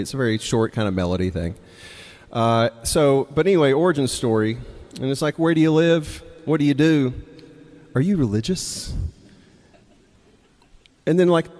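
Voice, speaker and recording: A man's voice: medium pitch, a little mellow. Southern man telling stories in a hall. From Mississippi, United States. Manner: conversational, laughs between lines, acts out quoted voices. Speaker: storyteller. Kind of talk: live storytelling. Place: storytelling night, hall with long reverb. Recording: reverberant hall.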